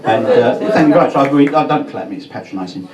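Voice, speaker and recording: A man's voice: mid-range voice, lively intonation, fast. A man performing a stand-up comedy set in a pub, swearing often and stumbling over his words. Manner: swears a lot, stammers and restarts. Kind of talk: stand-up routine. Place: pub function room with a live audience. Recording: roomy live pub set mic'd from a distance, loud crowd laughter.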